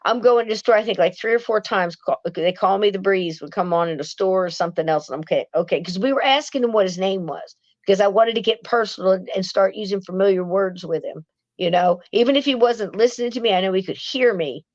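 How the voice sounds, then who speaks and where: A woman's voice: mid-range voice, quick pace, dry recording. Woman rambling thru a spooky story, restarts a lot, dry muffled mic. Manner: chatty, acts out quoted voices, frequent restarts. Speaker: guest, paranormal author. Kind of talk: casual storytelling chat.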